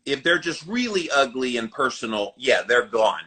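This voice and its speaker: A middle-aged man hosting a podcast, talking calmly and frankly and laughing between points. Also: mid-range voice, normal speed. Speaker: podcast host. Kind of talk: casual podcast chat.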